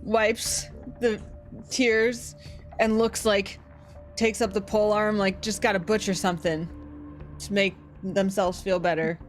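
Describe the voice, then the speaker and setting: A woman's voice: mid-range voice, fairly even intonation, unhurried, faint music behind. A woman playing a tabletop game, giggly and playful. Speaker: player. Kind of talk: tabletop role-play chat.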